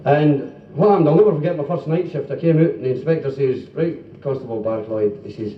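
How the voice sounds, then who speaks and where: A man's voice: fairly high pitch, fast. A Scottish man doing chatty live stand-up, telling jokes to a club audience. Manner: chatty, acts out stammering characters in jokes. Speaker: stand-up comedian. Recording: roomy, distant, dull 1970s live tape. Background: audience laughter.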